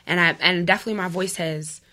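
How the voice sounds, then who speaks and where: A young woman co-hosting a casual podcast chat, telling stories in an animated way. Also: on the low side. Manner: animated storytelling, quick laughs.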